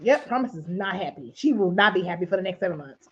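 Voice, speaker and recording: A woman co-hosting a casual podcast chat, expressive and teasing, laughing often. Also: on the low side, quick pace, lo-fi sound, slight background noise. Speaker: podcast co-host.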